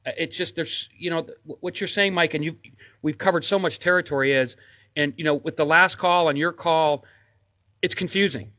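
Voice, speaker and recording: A man hosting a call-in radio show about insurance, speaking haltingly with many restarts. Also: on the high side, pushed and bright, no room sound. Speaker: radio host, insurance agent.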